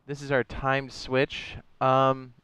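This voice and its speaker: His voice is mid-range, clear and resonant, and he speaks slowly in a dry recording. The man is streaming a building game, rambling in a relaxed way and dropping slangy asides to his audience such as "my guy" and "dog."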